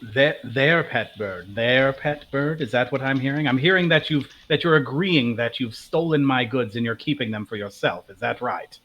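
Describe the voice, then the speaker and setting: A man's voice: mid-range voice, normal speed, hardly any pauses, a bit bright, close to an everyday voice. A man playing a haughty drow noble who is indignant and pompous.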